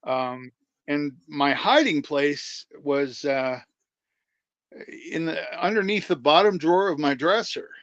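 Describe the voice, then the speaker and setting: Male co-host, halting delivery with lots of fillers; dry, muffled recording. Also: a little high, a bit bright, dry recording. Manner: hesitant, slow, full of ums and uhs. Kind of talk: casual chat. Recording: dull dry remote audio.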